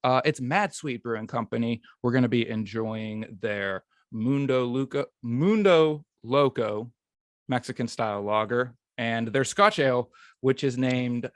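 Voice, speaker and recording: Casual male podcast host, self-deprecating, mid-pitched, dry close sound. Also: measured pace, dry recording. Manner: easygoing, self-deprecating joking.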